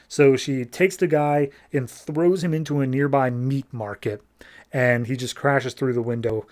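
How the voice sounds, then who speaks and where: A man's voice: fairly even intonation, unhurried, darkish tone. A man hosting a podcast, recapping a comic issue in a loose, rambling way with plenty of fillers. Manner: briefly shifts pitch for quoted characters. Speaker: podcast host. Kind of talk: casual comic book recap.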